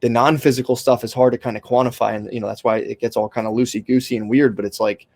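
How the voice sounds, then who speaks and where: Fast-talking man rambling on a podcast. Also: medium pitch, steady tone, darkish tone, no room sound. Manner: rambling, frequent restarts and fillers, swears casually. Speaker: podcast host. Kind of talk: casual podcast conversation.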